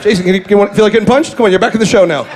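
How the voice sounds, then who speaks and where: Man, high voice, brash guest comic, loud, running a crowd game. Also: racing. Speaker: guest comedian. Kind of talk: live comedy podcast banter.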